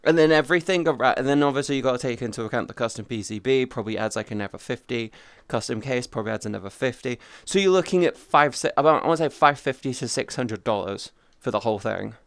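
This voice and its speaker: A man's voice: medium pitch, fast talker, hardly any pauses, dry recording. A young adult man chatting casually on a live stream, rambling, swearing freely and restarting his sentences. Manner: rambling, profane, restarts often.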